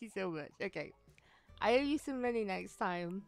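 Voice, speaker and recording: A woman chatting casually on a game live stream, excitable and giggly, with lots of likes and ums. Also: mid-range voice, moderate pace, vocal fry, clear, resonant tone, no echo, soft background music. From United Kingdom.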